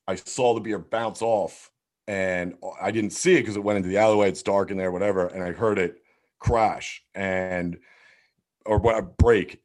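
A man telling a wild story in casual chat, swearing freely and acting out what people said. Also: on the low side. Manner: animated, swears constantly, acts out quotes.

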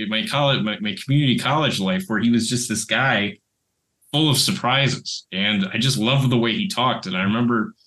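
Man, bright tone, rambling anecdote, casual podcast chat. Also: medium pitch. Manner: rambling anecdote with restarts and laughter. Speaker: podcast co-host and creator.

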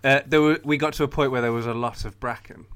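A man's voice: mid-range voice, steady tone, fast talker, very noisy. A man on a podcast, telling a school story in casual chat and laughing often.

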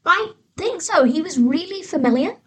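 A woman's voice: very high-pitched, expressive, moderate pace. A woman guesting on a podcast, reacting with enthusiasm in casual film chat. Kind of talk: casual movie-review chat.

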